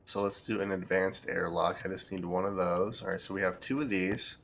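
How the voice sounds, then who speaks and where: A man streaming a building game, thinking aloud in relaxed commentary as he sorts items and plans what to build. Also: low voice, brisk, gravelly, a little hiss or hum. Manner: thinks aloud, with fillers and restarts. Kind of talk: casual gameplay commentary.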